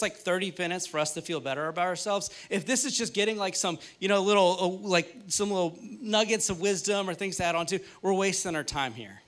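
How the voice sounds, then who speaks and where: A man's voice: high-pitched, fairly bright tone. A man in his thirties preaching a sermon, talking in a casual, joking storytelling way. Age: 30s. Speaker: pastor.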